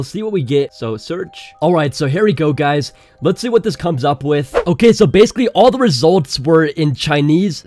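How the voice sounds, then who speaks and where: An excitable man talks through a casual tech walkthrough, laughing often. His voice sits a little high, with faint music playing underneath. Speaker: tech video host.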